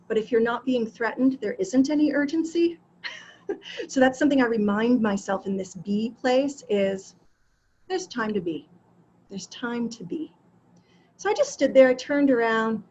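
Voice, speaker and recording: A woman coach teaching an online class, encouraging and chatty, laughing now and then. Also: a little high. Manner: warm, encouraging, laughs often. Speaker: wellness coach. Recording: dull lo-fi sound with faint background noise.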